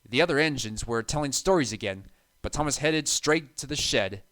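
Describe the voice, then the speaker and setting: Guy reading a kids story aloud, steady and measured. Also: mid-range voice. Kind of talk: storybook narration.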